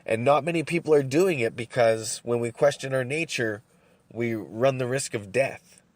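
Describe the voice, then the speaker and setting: A man hosts a solo podcast, ranting in a rambling, profane way and often repeating words while he thinks, smoking and sipping coffee. His voice is mid-range at a normal speed with no echo.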